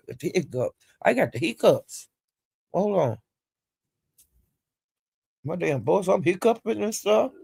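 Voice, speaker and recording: A woman's voice: on the low side, big pitch swings, takes it slowly, vocal fry, pauses often, darkish tone, husky, no echo, clean studio sound. A woman vlogger giving casual gossip commentary, blunt and profane, sounding exasperated as she retells the drama.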